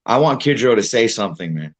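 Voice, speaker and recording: Joking, halting live stream host man. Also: lowish voice, lively intonation. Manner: joking, pleading, halting with fillers. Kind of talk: casual panel chat. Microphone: video call.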